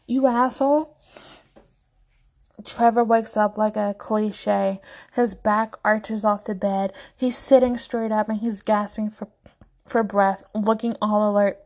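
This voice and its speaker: Woman reading a story aloud. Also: medium pitch. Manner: even, quick narration with small slips. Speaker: story reader. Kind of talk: reading fan fiction aloud.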